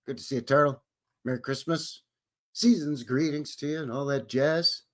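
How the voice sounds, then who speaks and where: A man's voice: a little high, normal speed. A Canadian man hosting a casual live stream, rambling and joking as he greets viewers by name. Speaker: livestream host.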